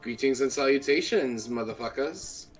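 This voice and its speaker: A man's voice: medium pitch, lively intonation, normal speed, recorded from a distance, soft background music, natural voice. A man putting on a mock-German voice. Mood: playful. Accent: put-on German.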